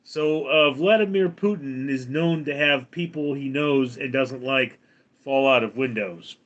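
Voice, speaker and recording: Man chatting on a livestream, slow rambly talk, bright voice. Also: medium pitch, dull audio. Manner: rambling, halting restarts. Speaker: livestream host. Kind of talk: casual livestream chat.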